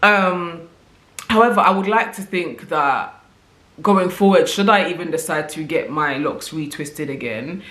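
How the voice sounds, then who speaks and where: A woman's voice: low-pitched, measured pace, a bit bright, reverberant. A woman vlogger talking casually to camera, reflective and conversational, often checking in with the listener as she thinks aloud. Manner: reflective, conversational, often tags "right?" and "you know". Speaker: vlogger sharing opinions.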